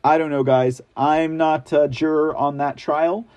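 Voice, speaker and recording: A man's voice: on the high side, fairly even intonation, a little slow, a little mellow. A man hosting an online political commentary show, talking casually to his viewers with many fillers and sarcastic asides. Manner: chatty, many fillers, addresses viewers as guys; sarcastic asides when reading articles. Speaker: news commentary host.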